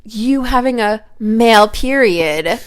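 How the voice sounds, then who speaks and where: A woman therapist chatting on a comedy podcast, animated and rambling, laughing often. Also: fairly high pitch, slow, smooth. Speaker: therapist guest. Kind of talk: casual podcast chat.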